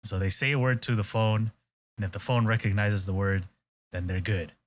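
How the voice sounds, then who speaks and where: A man's voice: on the low side, normal speed. A man hosting a podcast, chatting casually and retelling scenes with quoted voices, plenty of swearing and loose filler. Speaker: podcast host. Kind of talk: casual chat.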